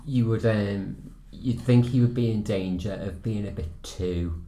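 Low-voiced man in a roomy echo. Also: dark tone. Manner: halting, searches for words with many restarts. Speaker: podcast co-host. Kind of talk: casual film discussion.

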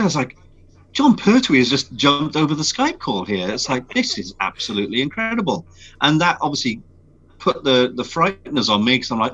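A voice actor guest chatting in an interview, telling stories with animated excitement. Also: male voice, mid-range voice, brisk, rough recording. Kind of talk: casual interview chat.

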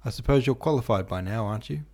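Guy doing a hoarse scared young woman, clingy and pleading, in a storybook reading. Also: mid-range voice, expressive, fast talker, a little mellow. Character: frightened, ill young woman, pleading and sullen.

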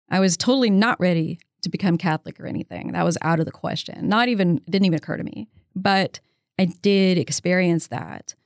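A woman's voice: lowish voice, no room sound. Chatty woman in her fifties, dry sound. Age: 50s. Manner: animated storyteller who acts out quoted people; chatty, with frequent "um" and "you know". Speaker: interview guest. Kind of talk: casual storytelling in an interview.

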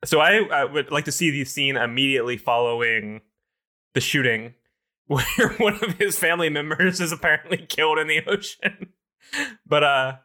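A man's voice: on the high side, normal speed, bright, forceful tone. Giggly, rambling man. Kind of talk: casual chat.

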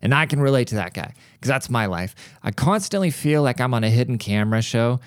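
A man's voice: mid-range voice, lively intonation, fairly quick, dry recording. A man talks into the mic for his own podcast. He wanders from one story to the next, swears freely and jokes as he goes. The sound is dry and close, with no room around it. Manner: rambling, profane, jokey storyteller. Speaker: podcast host. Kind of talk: casual solo podcast monologue. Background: cat crying at times.

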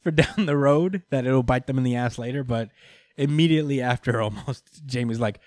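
A man's voice: medium pitch, fairly quick, darkish tone, no room sound, clean studio sound. A man casually recapping a comic book story, full of fillers, laughter and swearing. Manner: laughs often, many fillers, swears freely. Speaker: podcast host.

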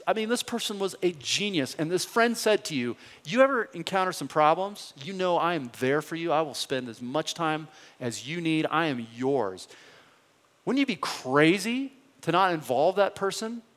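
A man's voice: a little high, fairly bright tone. Earnest male pastor in a reverberant hall. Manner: earnest, conversational, rising with emphasis on questions. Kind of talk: sermon.

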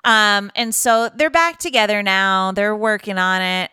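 A woman's voice: medium pitch, a little slow, sharp tone, clear, resonant tone, no room sound, clean studio sound. A woman co-hosting a podcast, retelling a movie plot in a rambling, chatty way full of fillers. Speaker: podcast co-host recapping a film. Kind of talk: casual chat.

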